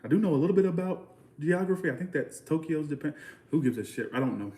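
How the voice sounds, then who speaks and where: A man's voice: a little high, expressive, fast, mellow, reverberant. A man from Georgia with a Southern US accent, rambling bluntly in a casual livestream chat with viewers. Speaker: channel host.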